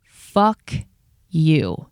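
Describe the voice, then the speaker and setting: A woman with a lowish voice pours out a heated, profane rant as a podcast host, talking fast. She sounds tired after a long day. The recording is dry and close, with no room sound. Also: very animated, darkish tone, smooth, no echo. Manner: heated, profane, rapid-fire venting.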